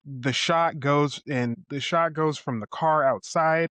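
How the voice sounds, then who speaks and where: A man's voice: on the high side, slow, no room sound. A man co-hosting a casual film review podcast, retelling scenes with acted-out quotes and casual swearing. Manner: animated retelling, acting out quoted lines. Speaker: podcast co-host.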